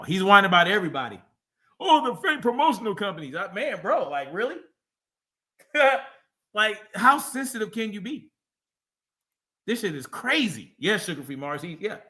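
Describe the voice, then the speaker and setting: A man's voice: fairly high pitch, bright, forceful tone. A man hosting a livestream, reacting to a clip with profane, mocking casual commentary. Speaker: livestream host.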